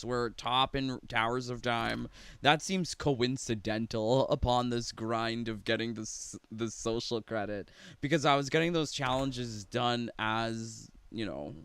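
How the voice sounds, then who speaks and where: A man's voice: mid-range voice, gravelly, a bit bright, smooth, no room sound. A man streaming a game and chatting casually with viewers, rambling and laughing often between remarks. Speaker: gaming streamer. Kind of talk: casual chat with live viewers.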